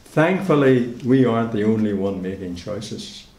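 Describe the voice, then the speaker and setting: A man preaching a sermon in a church, measured and repeating key phrases for emphasis. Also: on the low side, animated, darkish tone. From Northern Ireland. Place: church hall. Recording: echoey church hall.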